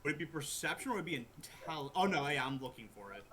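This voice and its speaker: A man with a slightly high voice is playing a tabletop game, thinking out loud as he goes. He rambles and swears casually. A faint hiss sits under the recording. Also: animated, fast. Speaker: player.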